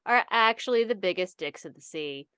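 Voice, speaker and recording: A woman's voice: mid-range voice, lively intonation, normal speed, fairly bright tone, smooth, no echo, clean studio sound. A woman co-hosting a podcast in casual chat, telling stories in a teasing way and laughing often. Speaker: podcast co-host.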